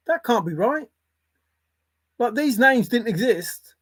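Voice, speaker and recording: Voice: medium pitch, expressive, slow, pauses often, a bit bright, husky, no room sound. Older grandparent rambling on a stream, swears a lot, voice jumps all over, dead dry room. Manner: rambling, irreverent, swears casually. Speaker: livestream host reading chat. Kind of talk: casual rambling livestream chat.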